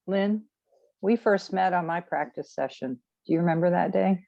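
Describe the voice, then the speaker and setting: A woman's voice: on the low side, moderate pace, gravelly, dry recording, highs cut off. A woman giving earnest, affirming feedback to a peer on a group coaching call.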